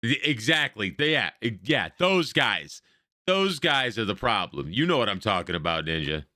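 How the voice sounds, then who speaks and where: A man's voice: lowish voice, big pitch swings, moderate pace, sharp tone, dry recording, clean studio sound. An American man streaming, casually commenting on a video, rambling through lists and swearing freely. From United States.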